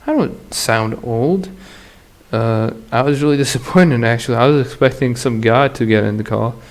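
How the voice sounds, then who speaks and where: With a mid-range voice at normal speed, this man delivers a casual solo monologue on his podcast. He's rambling, crude, and slangy, laughing frequently.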